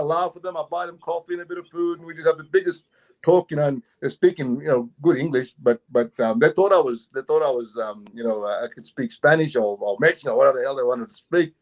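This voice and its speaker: A middle-aged man from Queensland, Australia, with an Australian accent, telling a long travel story as an interview guest, animated and given to repeating his words and chuckling. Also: fairly high pitch. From Doomadgee, Queensland, Australia. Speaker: guest actor and festival promoter.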